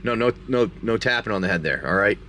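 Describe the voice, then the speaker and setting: A man's voice: fairly low pitch, lively intonation, fast, pushed and bright, slight background noise. A man hosting a live stream, chatty and rambling as he narrates a tabletop game and opens card packs. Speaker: game master and card-break host.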